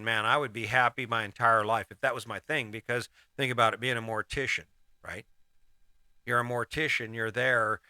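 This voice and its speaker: A man's voice: mid-range voice, pushed and bright, no echo. A middle-aged man hosting a casual motivational monologue, rambling and restarting his sentences as he gives life advice. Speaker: host.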